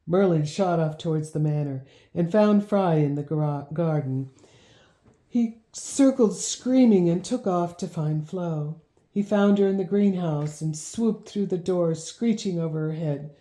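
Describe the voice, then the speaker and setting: A woman reads a storybook aloud in a measured, gently expressive way. Her voice is low and very mellow, and a roomy echo hangs on every phrase. The delivery is steady and even-handed. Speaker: audiobook narrator. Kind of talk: storybook reading.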